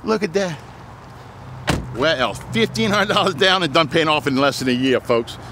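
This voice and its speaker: A man, a used car dealer giving a joking, folksy sales pitch while walking around his lot outdoors. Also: animated, moderate pace, pushed and bright, slight background noise.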